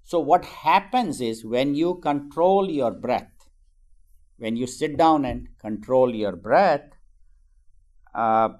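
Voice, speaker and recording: Man, spiritual teacher, relaxed conversational talk on meditation, "you know" asides, mid-pitched voice. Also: takes it slowly, long pauses. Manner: conversational, frequent "you know" asides, acts out everyday quotes.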